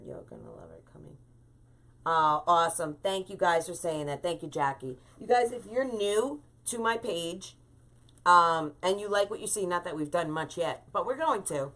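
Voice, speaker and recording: A woman with a slightly low voice hosts a live wreath-making stream. She chats freely and greets each viewer by name as she works through the tutorial. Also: a bit bright. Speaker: wreath designer hosting a live craft stream.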